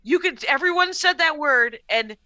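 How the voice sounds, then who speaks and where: A middle-aged woman comedian telling a story in a casual podcast chat, animated, laughing often and swearing freely. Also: high-pitched, moderate pace, no echo. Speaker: comedian guest.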